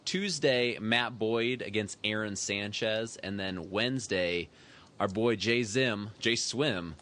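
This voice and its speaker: A man's voice: on the low side, takes it slowly, bright, forceful tone. A man co-hosting a casual sports podcast, easygoing and chatty, often laughing. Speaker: podcast co-host.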